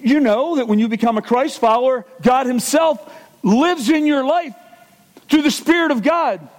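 A man preaching a sermon as pastor, animated and jokey, reviewing a verse with quick asides. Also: very high voice. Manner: animated, jokey, with voiced impressions and laughs.

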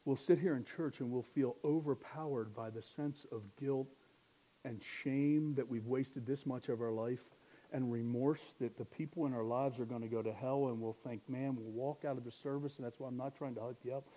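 A young man preaching a sermon, building to loud, impassioned exhortation. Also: mid-range voice, steady tone, normal speed.

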